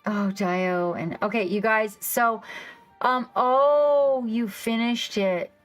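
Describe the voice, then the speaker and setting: Rambling, excitable woman streamer. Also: fairly high pitch, slow, rough recording. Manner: rambling, excitable, reacts to chat. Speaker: livestream host. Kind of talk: casual livestream chat. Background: faint background music.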